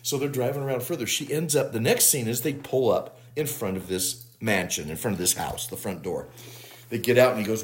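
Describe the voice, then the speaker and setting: A man co-hosting a podcast, retelling an episode's plot in a casual, animated way and laughing as he goes. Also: mid-range voice, brisk. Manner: animated storyteller, laughs while retelling plots. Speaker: podcast co-host. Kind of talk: casual episode recap chat.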